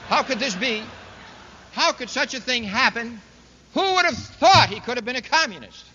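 A man's voice: very high-pitched, animated, moderate pace, pushed and bright, breathy edge, full character voice. A man mimicking a flustered, bewildered older woman in a mocking, astonished whine. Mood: mock dismay. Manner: mock-astonished, whining. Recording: dull lo-fi recording in a reverberant hall.

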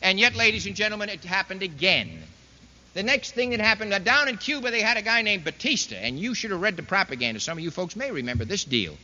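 This political speech comes from a fast-talking man with a high-pitched, sing-song voice that's bright and forceful. Addressing a live audience, he's folksy and sarcastic, firing off rhetorical questions, and the dull lo-fi recording carries a hall's reverb.

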